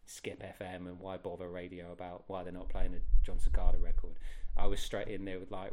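Middle-aged guest, lower voice, chatty anecdotal delivery, lots of ums. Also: male voice, fairly quick, hardly any pauses. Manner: lively, animated retelling with many fillers. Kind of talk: casual anecdotal storytelling.

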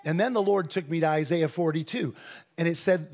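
A man preaches in a high, ringing voice. He talks casually between points, then stretches words out and shouts his emphasis with fervent conviction. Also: fairly quick. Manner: builds from conversational to shouted preaching. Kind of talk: sermon.

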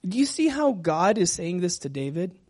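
A man preaching a sermon as pastor, talking gently and sometimes dropping to a whisper. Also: sits high, very animated. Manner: slow, gentle, drops to a whisper at times.

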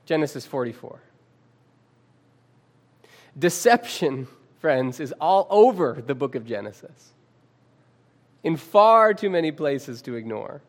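Slow-speaking male preacher. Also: on the high side, very animated. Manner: addresses listeners as friends; reads scripture aloud with dramatic pauses. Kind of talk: sermon.

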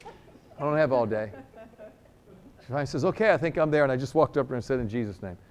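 A man's voice: medium pitch, fast. A middle-aged man from New York preaching a sermon, telling a healing story with jokes and acting out both sides of the dialogue. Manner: animated, joking, acts out dialogue.

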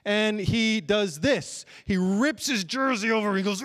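A man preaching a sermon, telling stories animatedly, with frequent restarts and sudden bursts of shouting. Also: high voice, normal speed, hardly any pauses. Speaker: pastor.

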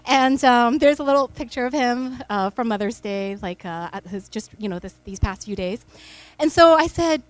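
Woman pastor in her 30s, fairly high voice, chatty sermon on a church mic. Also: expressive, moderate pace. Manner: chatty storytelling with many fillers. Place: church stage. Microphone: stage microphone.

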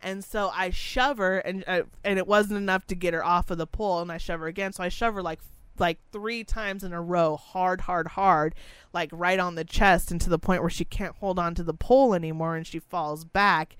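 A young woman telling a story in a casual chat, with a blunt, profane and animated way of talking. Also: lowish voice, normal speed, clear, resonant tone, dry recording.

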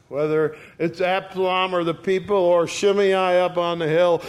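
A man's voice: high-pitched, flat delivery, normal speed, hardly any pauses, smooth. A man preaching a sermon in an earnest way, speaking to his listeners as friends.

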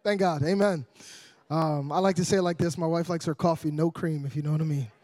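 A young male evangelist with a noticeably high voice delivers an energetic sermon. He jokes easily with the congregation, then climbs into loud, driving preaching. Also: brisk.

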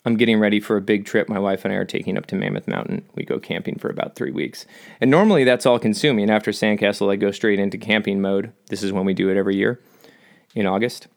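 A man's voice: fairly low pitch, fairly even intonation, quick pace, creaky. A middle-aged man talking in a casual personal monologue, rambling with self-deprecating jokes and asides. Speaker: vlogger.

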